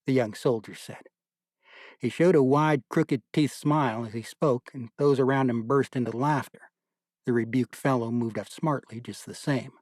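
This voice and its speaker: A man narrating an audiobook in a measured, deliberate storytelling manner. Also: mid-range voice, a little mellow, no room sound, clean studio sound.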